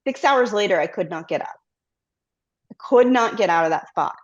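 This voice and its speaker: A woman's voice: mid-range voice, expressive, moderate pace. A middle-aged woman guest, a company CEO, telling her story candidly in a conversational interview and slipping into quoted self-talk. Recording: slightly muffled lo-fi audio.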